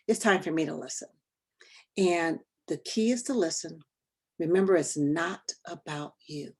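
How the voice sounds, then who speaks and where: A woman leading a training session over a video call, talking conversationally and quizzing her group with quick questions. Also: lowish voice. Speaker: workshop trainer.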